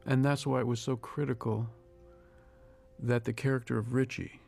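An older man talks through a film in a calm director's commentary, measured and reflective, pausing to pick his words. His voice stays low and level, with hardly any rise or fall, and a gravelly edge runs through it. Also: soft background music. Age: 60s. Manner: reflective, measured, with pauses and restarts. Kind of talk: audio commentary.

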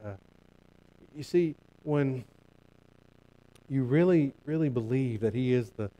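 A man's voice: medium pitch, takes it slowly, mellow, lo-fi sound. A male pastor preaching a sermon earnestly, building emphasis through repeated phrases and frequent restarts.

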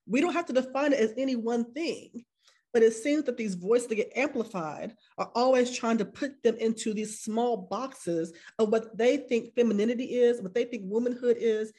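A woman's voice: a little high, moderate pace, warm tone. A woman co-hosting a casual panel discussion, talking bluntly and emphatically. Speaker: co-host.

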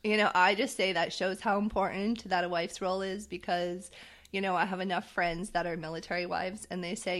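A woman's voice: fairly low pitch, little pitch movement, a little fast, fairly bright tone. A woman hosting a casual interview who laughs often and asks encouraging questions. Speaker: podcast host.

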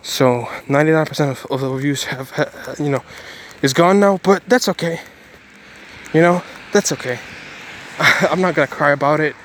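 A man's voice: fairly high pitch, normal speed, fairly bright tone, a little hiss or hum. A man talking through his day in a casual vlog, rambling and correcting himself, earnest about his faith. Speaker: Christian vlogger.

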